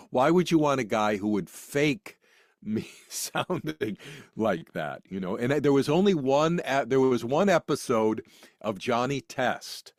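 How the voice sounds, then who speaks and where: A man from the United States tells stories as an interview guest, rambling along and restarting his sentences. His voice sits at an ordinary middle pitch. The sound is dry and close, with no room echo. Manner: rambling and anecdotal, with many restarts. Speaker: guest actor. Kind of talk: casual interview storytelling.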